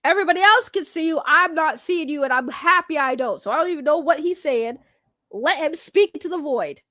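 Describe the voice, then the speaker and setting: A woman's voice: high voice, expressive, fairly quick, pushed and bright, no echo, studio quality. A young woman hosting a livestream, ranting bluntly to her chat with constant swearing. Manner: blunt, heavy swearing, talks straight to chat. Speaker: livestream commentary host.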